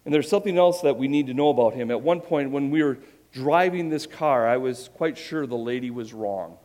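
A man's voice: mid-range voice, brisk, a little mellow. A man preaching a sermon, earnest and emphatic, with self-deprecating humor. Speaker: pastor.

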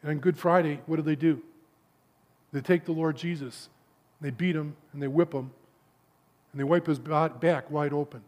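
A man preaching a sermon to a gathering of men, telling stories with stammered repeats and dropping to a hushed low for emphasis. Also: fairly even intonation, normal speed, long pauses.

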